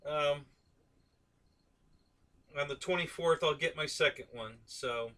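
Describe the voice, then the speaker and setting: A man's voice: fairly high pitch, takes it slowly, fairly bright tone. A man hosting a casual live-stream chat, rambling with many fillers and restarts, yawning now and then. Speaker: host of a radio-control aviation live stream.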